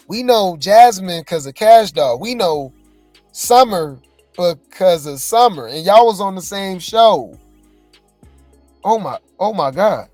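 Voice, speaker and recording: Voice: medium pitch, expressive, slow, a little mellow, dry recording. Gossip host, chatty reaction commentary, dry close sound, faint music. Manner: casual, exclaiming, chatty.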